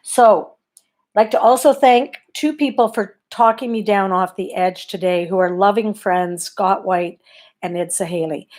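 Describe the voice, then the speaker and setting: A comic storyteller from Canada, telling a bedtime story in a wry, conversational, self-deprecating way. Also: female voice, medium pitch, unhurried, a little mellow.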